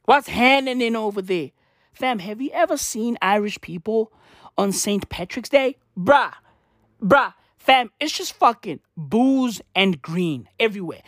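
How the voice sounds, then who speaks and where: A woman's voice: on the high side, no echo, clean studio sound. A young woman ranting in a profane comic monologue, slangy and repetitive, laughing at her own jokes.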